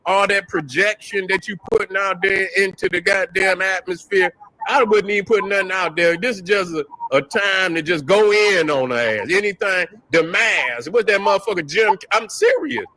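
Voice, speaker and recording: With a high, bright and forceful voice at a normal pace, this podcast host rants through a casual commentary on poor audio. He swears, jokes, talks trash and laughs at what he says.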